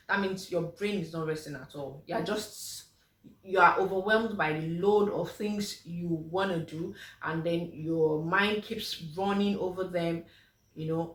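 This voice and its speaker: In an echoey room, a physiotherapist talks casually with mothers about health, her lowish, slightly bright voice coming from far off the mic. She chats with plenty of fillers and performs the responses she quotes.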